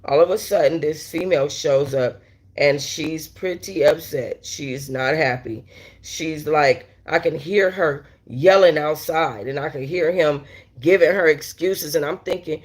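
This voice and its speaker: A woman's voice: low-pitched, unhurried, husky. Blunt, profane woman telling a story live. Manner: talks straight to viewers with many asides. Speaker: host of a storytime livestream. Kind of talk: casual storytelling while reading live chat.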